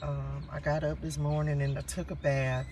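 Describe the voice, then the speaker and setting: A man's voice: a little high, normal speed, distant mic, a little hiss or hum. Man with a drawl telling a story. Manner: animated, keeps addressing viewers as y'all. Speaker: vlogger. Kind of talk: casual storytelling vlog. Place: outdoors at a park.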